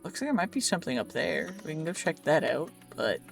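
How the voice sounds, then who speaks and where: A man's voice: on the high side, big pitch swings, fairly quick, vocal fry, soft background music. A man giving playful, rambling let's play commentary over his gameplay, joking at his own slips. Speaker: gaming YouTuber.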